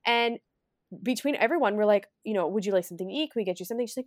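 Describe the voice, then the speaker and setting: A young woman talks fast and chatty, rattling through stories and slipping into quick acted-out voices. The recording is close and dry, with no room sound around her. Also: mid-range voice, dry recording. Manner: chatty, animated storytelling with acted quotes. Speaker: podcast co-host, wedding planner. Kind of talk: casual chat.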